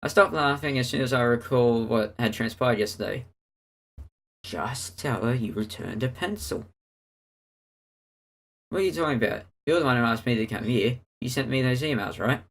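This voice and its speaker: Husky man reading a visual novel. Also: mid-range voice, moderate pace. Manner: steady storytelling read, narrating and giving the hero's lines. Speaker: let's player.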